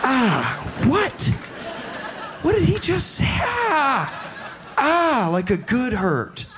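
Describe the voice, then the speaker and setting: A male comedian voicing a startled male airline passenger who shrieks in a shrill, squealing voice. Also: wildly swooping pitch, extremely slow, crowd noise, noisy background, heavily acted. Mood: shrieking.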